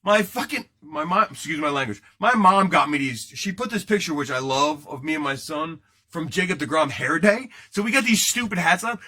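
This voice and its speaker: A man's voice: on the high side, animated, moderate pace, pushed and bright. A man hosting a casual live card break, joking and rambling as he chats with viewers while opening packs. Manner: joking, rambling, banters with chat.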